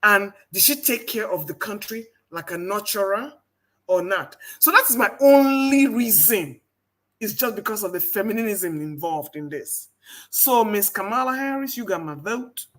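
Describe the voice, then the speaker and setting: A woman's voice: medium pitch, animated, normal speed, a bit bright. A woman from the American South with a Southern accent, speaking emphatically as a panelist in a live debate. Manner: emphatic, rising into laughing outbursts.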